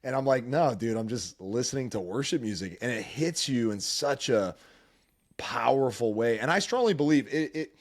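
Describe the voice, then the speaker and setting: A man's voice: medium pitch, lively intonation, normal speed. A man hosting a podcast, telling personal stories in casual chat, earnest and emotional with lots of restarts. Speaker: podcast host.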